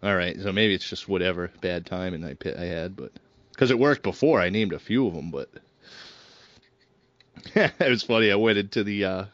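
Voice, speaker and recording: A man in a relaxed gaming chat, laughing easily and swearing casually. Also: deep voice, normal speed, dry recording. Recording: dull, dry lo-fi sound.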